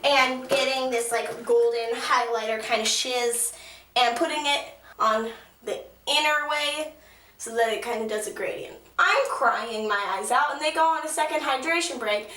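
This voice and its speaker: Excitable teen girl vlogger, bright voice. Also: high-pitched, normal speed. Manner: excitable, gushing, swears casually. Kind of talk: storytelling while doing makeup. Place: small echoey room at a mirror. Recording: echoey room.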